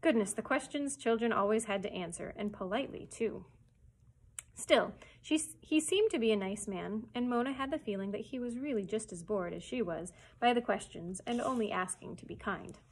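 A woman's voice: medium pitch, moderate pace, husky, poor audio. Woman reading a chapter book aloud. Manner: steady expressive storytelling. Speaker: children's librarian.

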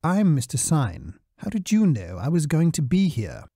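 A man voicing a cool, precise private spy who speaks in a courteous, measured way. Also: fairly high pitch, huge pitch swings, dark tone, breathy edge, no echo, clean studio sound, pitched above the performer's own voice, full character voice.

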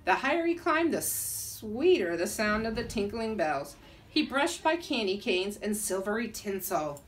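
A teacher in her fifties reads a children's bedtime story aloud and adds little asides to her listeners. Her pitch swoops up and down with lively expression. She sounds a bit far from the microphone. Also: unhurried, slight background noise. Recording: voice from a distance.

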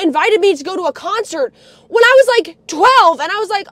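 Young woman streamer, very high pitch, close dry sound, heated profane ranting. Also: expressive, a little fast, a bit bright, no echo. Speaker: livestreamer. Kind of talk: livestream rant.

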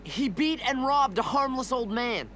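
An actor voicing a wary, sarcastic teenage boy warrior in an animated series, suspicious in tone. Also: very high-pitched, measured pace, a little hiss or hum, exaggerated voice.

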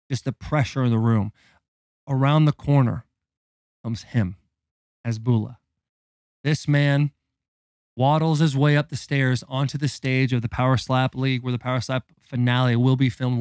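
A man in his thirties, co-hosting a podcast, spins a long story with swearing and a flair for suspense. His voice sits at a middle pitch and sounds close and dry, with no room around it. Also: dry recording. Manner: animated, profane, dramatic build-up. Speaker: podcast co-host. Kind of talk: casual storytelling.

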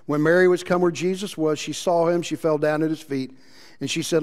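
A man preaching a sermon as pastor, impassioned, moving between loud emphasis and quiet passages. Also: on the high side, fairly quick. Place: church sanctuary. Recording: long reverb of a church hall.

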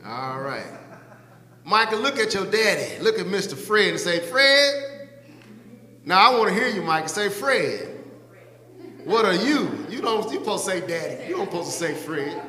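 A man's voice: high-pitched, animated, moderate pace, pushed and bright. A male pastor, praying and then preaching a sermon, teasing church members by name and stretching out scripture lines for emphasis. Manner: playful, teasing the congregation by name. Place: church sanctuary. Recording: echoey church hall with long reverb.

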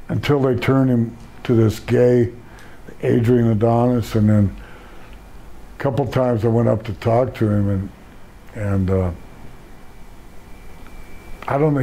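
Here the retired pro wrestler, an older man, speaks in an unhurried, steady, medium-pitched voice with a dark tone, pausing often. He rambles through stories in a casual interview, frequently backing up to start again.

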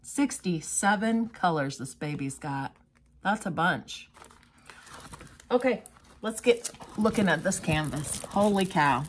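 A woman's voice: on the low side, animated, takes it slowly, pauses often, a little hiss or hum. A woman craft vlogger giving casual unboxing commentary, gushing with exclamations and chatty asides to her viewers.

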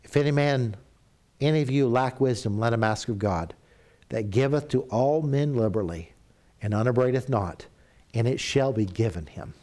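A middle-aged man from Canada delivering a church sermon in a mid-pitched voice. He tells stories with animated jumps in pitch, then drops to a hushed, reverent tone. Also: moderate pace. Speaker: pastor.

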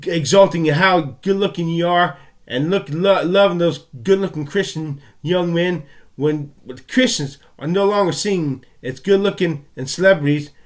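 An American man ranting furiously into his camera, swearing heavily and tripping over his words. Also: fairly high pitch. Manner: furious, profane and stammering. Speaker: vlogger. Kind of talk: angry ranting monologue.

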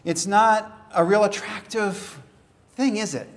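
A man as pastor, preaching a casual, conversational sermon with chatty asides and quick laughs. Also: high voice.

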